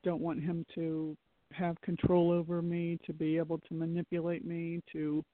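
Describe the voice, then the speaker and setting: A man on a call-in line who talks softly and hesitantly, pausing to find his words. His voice is a bit high and fairly flat in tone. It sounds thin and phone-like, with no room echo. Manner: soft, hesitant, searching for words. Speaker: caller. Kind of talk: call-in conversation. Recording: dry, tinny phone line.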